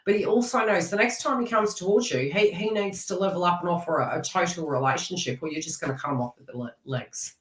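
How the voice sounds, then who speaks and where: A woman's voice: lowish voice, quick pace, few pauses, roomy sound, distant mic, poor audio. A woman giving a live tarot reading, chatty and teasing as she talks to viewers by name. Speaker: tarot reader.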